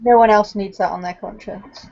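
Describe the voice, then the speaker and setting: Woman, tabletop player, earnest, narrates her character, medium pitch, muffled lo-fi. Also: steady tone, normal speed, creaky. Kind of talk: describing her character's actions. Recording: dull lo-fi recording.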